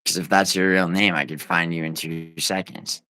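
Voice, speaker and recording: A man's voice: sits low, steady tone, normal speed, sharp tone, clear, resonant tone, no room sound. A man livestreaming from home, rambling and teasing his viewers in profane, casual banter as he reads the chat. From United States.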